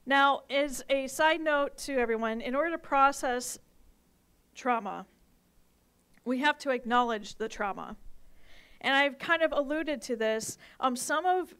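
A woman pastor giving a sermon to a live congregation, animated and playful, with bursts of emphasis. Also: high-pitched, measured pace, smooth. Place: church service with live audience.

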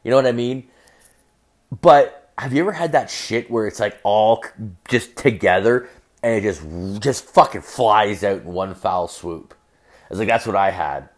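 In a fairly low voice at a moderate pace, a young podcast host rambles through a casual story. His monologue is heavily profane and packed with the filler word "like."

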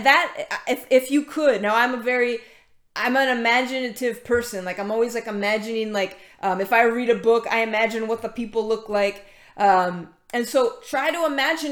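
A woman's voice: a little high, normal speed. A woman preaching a casual sermon, reading scripture and chatting informally with many fillers and restarts. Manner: conversational, many fillers and restarts, greets latecomers mid-talk. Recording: echoey room.

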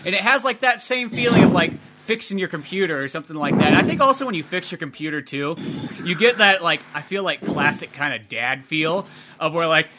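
A man's voice: on the high side, a little fast, noisy background. A man co-hosting a podcast in casual chat, joking around and slipping into comic voices. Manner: jokey, animated, slips into comic voices. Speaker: podcast co-host.

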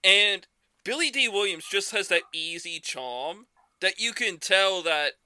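An eager man chats casually about films on a podcast, his voice very bright and edgy. It sits close in a dry mic, with no room sound at all. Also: sits high, lively intonation, measured pace, smooth, dry recording. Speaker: podcast co-host. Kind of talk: casual film discussion.

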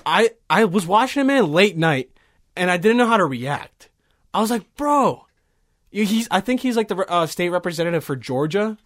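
High-voiced man rambling on a podcast. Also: animated, moderate pace, fairly bright tone, no echo, clean studio sound. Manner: rambling, profane, heavy with fillers. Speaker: podcast host. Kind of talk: casual podcast rant. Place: small recording studio.

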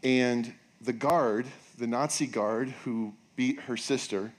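A male pastor preaching a sermon in a casual, joking way, acting out quotes with bursts of excitement. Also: mid-range voice, slow pace. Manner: animated, jokey, acts out quotes in raised voice. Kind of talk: sermon with storytelling.

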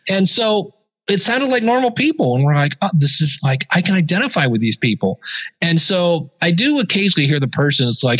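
A man as a podcast guest, telling stories in a casual, animated way and sometimes mimicking other voices. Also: fairly high pitch, fairly quick, husky. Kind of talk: casual interview talk.

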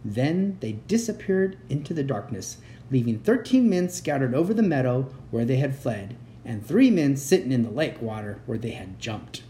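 A man reading a children's chapter book aloud as a bedtime story, with expressive narration. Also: mid-range voice, moderate pace, a little hiss or hum.

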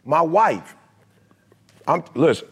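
A man speaks in a raised, gravelly voice, pitched a little above the usual for men. He gives a motivational talk to a live crowd, emphatic and conversational, full of street slang. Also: very animated, slow, a bit bright. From Detroit, USA.

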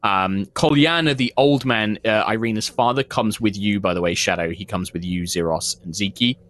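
A man's voice: lowish voice, normal speed, a bit bright. Game-master man narrating with fillers. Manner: descriptive, many fillers.

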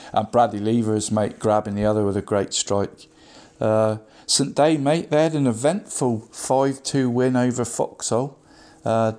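A man's voice: on the low side, a little mellow. Chatty man reading football results. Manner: chatty, constantly says "mate", frequent ums and restarts. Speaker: local football results presenter. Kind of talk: casual radio football roundup.

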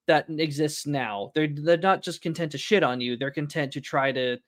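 A man's voice: on the high side, normal speed, no room sound, clean studio sound. A man hosting a casual podcast, rambling and laughing mid-sentence as he tells stories. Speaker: podcast host.

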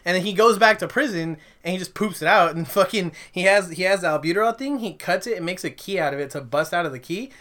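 A man co-hosting a podcast, chatting excitedly about movies and comics, swearing constantly and acting out lines. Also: high voice, fast talker, few pauses. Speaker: podcast co-host. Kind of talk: casual profane chat about movies and comics.

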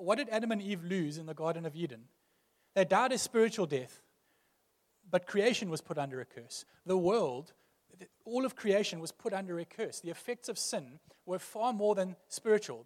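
Guy preaching in church, earnest, keeps repeating lines for emphasis, lots of echo. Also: high-pitched. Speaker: pastor. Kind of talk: sermon.

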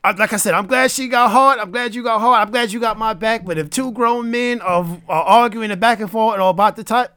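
A man hosting a podcast, telling a story in a casual, animated and preachy way. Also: sits high, a little fast, hardly any pauses, no room sound. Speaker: podcast host.

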